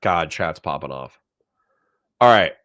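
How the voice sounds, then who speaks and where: A young man hosting a casual livestream, reading chat comments aloud and reacting in a profane, animated way. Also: deep voice, slow pace. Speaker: livestream host.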